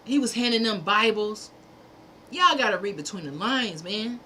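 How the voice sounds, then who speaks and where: A woman's voice: medium pitch, animated, moderate pace, pushed and bright, slight background noise. A woman hosting a livestream, delivering a fervent, preachy monologue in repeated punchy phrases, sometimes profane. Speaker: livestream host.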